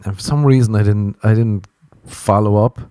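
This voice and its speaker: A man's voice: on the low side, fairly even intonation, normal speed, mellow, dry recording, studio quality. An Irish man in his thirties hosting a podcast, rambling through a sweary, self-mocking comic monologue. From Ireland. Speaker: podcast host. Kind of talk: casual comedic monologue.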